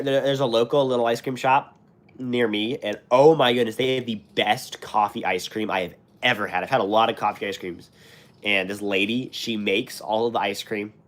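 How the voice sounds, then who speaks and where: A man's voice: medium pitch, fairly bright tone. Sick american guy, scratchy sore throat, rambly streamer talk full of you knows. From United States. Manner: rambling, many fillers and restarts. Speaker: channel host. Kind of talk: live stream chat, reading comments.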